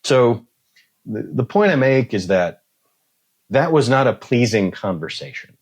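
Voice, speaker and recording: A man's voice: mid-range voice, a little slow, breathy edge. A man in his forties talking as a podcast guest, blunt and swearing freely, acting out dialogue as he tells stories. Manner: animated storyteller, acts out dialogue. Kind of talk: casual conversation.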